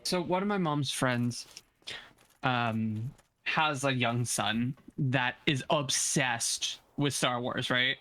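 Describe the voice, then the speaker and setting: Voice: mid-range voice, takes it slowly, pushed and bright. A co-streamer in casual chat during a game stream, teasing a friend and laughing often.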